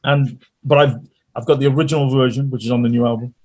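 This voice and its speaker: Male guest musician, rambling storyteller, mid-pitched voice. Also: steady tone, fast talker, a little mellow. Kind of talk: casual interview chat.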